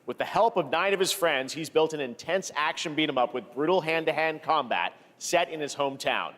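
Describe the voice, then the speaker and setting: A man's voice: on the high side, lively intonation, brisk, a bit bright, long reverb tail. A man from Canada presenting a live game showcase with a polished announcer delivery. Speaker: showcase host.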